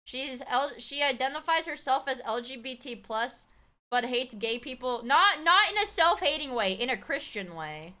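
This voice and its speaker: A woman streamer in casual live chat, her very high voice bright and edgy. Her pitch leaps all over as she reacts excitedly and swears freely. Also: normal speed. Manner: excitable, swears, shrieks thanks at viewers.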